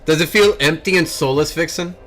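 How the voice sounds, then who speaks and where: A young man chatting casually on a stream, excitable and quick to laugh and slip into silly voices. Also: a little high, slight background noise. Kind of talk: casual stream chat while drawing.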